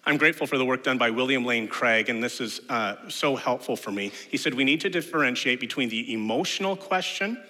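Man, pastor, sermon, bright voice, acts out quoted voices, reverberant hall. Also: mid-range voice. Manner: animated storyteller who acts out quoted voices.

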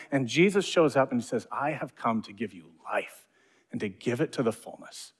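A male pastor giving a sermon, swinging between quiet hushed passages and loud, rising climaxes. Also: mid-range voice, lively intonation, moderate pace, breathy edge. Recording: long reverb of a large hall.

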